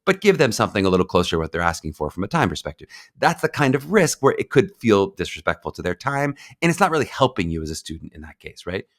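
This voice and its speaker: A man with a fairly low voice hosts a solo podcast segment. He talks in a loose, conversational way, thinking aloud with small restarts. He keeps checking in with his listeners with a quick "right?". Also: big pitch swings. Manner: conversational, tags ideas with "right?". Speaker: podcast host.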